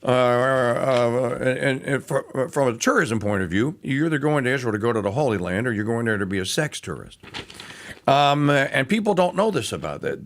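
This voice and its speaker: Animated, bright-voiced male radio host. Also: mid-range voice. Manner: animated and sarcastic, with frequent restarts and fillers. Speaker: radio talk show host. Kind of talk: talk radio monologue.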